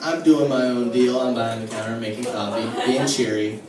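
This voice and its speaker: A man's voice: medium pitch, steady tone, a little fast. A man doing a stand-up comedy set in a comedy club, telling crude, self-mocking stories in a casual way, with lots of "like" and "all right?". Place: comedy club stage with live audience. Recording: distant, very echoey club recording with noise. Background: audience laughter and room ambience.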